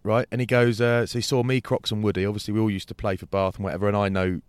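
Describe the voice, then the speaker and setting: A man's voice: on the low side, little pitch movement, fast, smooth, no echo. Slangy man telling stories. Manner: rambling storyteller, swears, slangy. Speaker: podcast host. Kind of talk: casual anecdotal chat.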